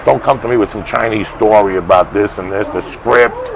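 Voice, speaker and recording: Gravelly man telling blunt, profane street stories. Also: on the low side, normal speed, rough recording. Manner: blunt, swearing, builds to loud animated bursts. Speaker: interview guest. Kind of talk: profane storytelling in conversation. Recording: street crowd and traffic behind.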